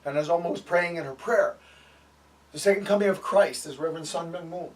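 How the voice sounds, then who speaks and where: A man's voice: a little high, a little fast, far from the mic. A man giving a sermon and telling stories, with frequent fillers and acted-out quotes. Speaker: preacher.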